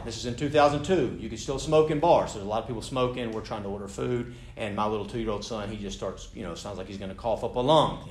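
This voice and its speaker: An American man giving a sermon talk to a live audience, telling a story animatedly with self-deprecating humor. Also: medium pitch. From United States. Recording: roomy hall sound, faint background noise.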